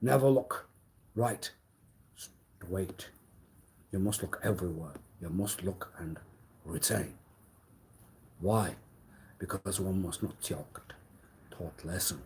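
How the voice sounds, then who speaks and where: A man hosting a livestream, giving an improvised mock lecture in a preachy, theatrical way that swings between loud scolding declarations and hushed low murmurs. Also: slow pace, long pauses, slight background noise. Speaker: livestream host.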